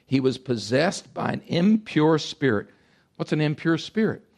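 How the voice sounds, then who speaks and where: A pastor in his sixties delivers a sermon with emphatic, animated energy, lurching from loud bursts to quiet asides. His gravelly voice sits a little high, and he keeps a measured pace.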